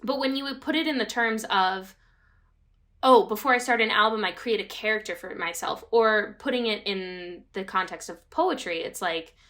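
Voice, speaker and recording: A woman's voice: mid-range voice, moderate pace, bright, forceful tone. A woman co-hosting a podcast in casual chat, eager and full of fits, starts and filler words. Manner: enthusiastic, talks in fits and starts with many likes. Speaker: podcast co-host.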